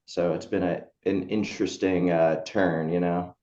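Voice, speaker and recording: A man's voice: low-pitched, little pitch movement, unhurried, darkish tone, muffled recording. A man who is a guitarist, telling a story as a podcast guest in a loose, rambling way with lots of fillers. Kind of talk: casual interview chat.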